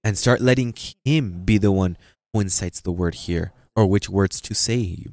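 A man's voice: deep voice, unhurried, a little mellow, no room sound. A man preaching a sermon, acting out the voices of churchgoers as he tells stories. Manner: acts out voices of churchgoers and God in quotes.

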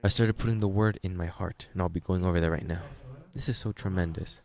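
A man preaching a sermon as pastor, emphatic and repetitive, with halting restarts and sudden jumps in pitch. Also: vocal fry, darkish tone.

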